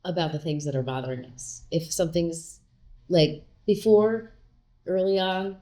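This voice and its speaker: A woman chats openly as a guest in an interview. Her voice sits a little low. She tells stories in a lively way and jumps into quoted lines of dialogue. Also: a little slow. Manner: candid, animated, acts out quoted lines. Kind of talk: casual conversational interview.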